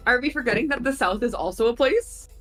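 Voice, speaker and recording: A woman's voice: fairly high pitch, lively intonation, fast, a bit bright, soft background music. A woman playing a tabletop role-playing game, chatting casually, laughing, swearing and trailing off. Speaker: player.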